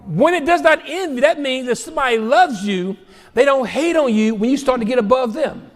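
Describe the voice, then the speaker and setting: A male pastor preaching a sermon to his congregation, repeating phrases, shouting out points and joking with the crowd. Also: very high voice, a little slow, big-room sound. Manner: preaching with shouts, repetitions and humor. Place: church sanctuary.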